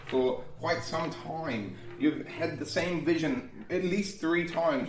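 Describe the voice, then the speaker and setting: A man's voice: a little high, lively intonation, measured pace, few pauses. Man narrating a tabletop game, echoey room. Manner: loose, rambling narration with restarts. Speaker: dungeon master. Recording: echoey room, far from mic.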